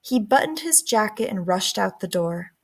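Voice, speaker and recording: A woman teacher reading a picture book aloud in a gentle, expressive storytelling manner. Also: medium pitch, normal speed, creaky.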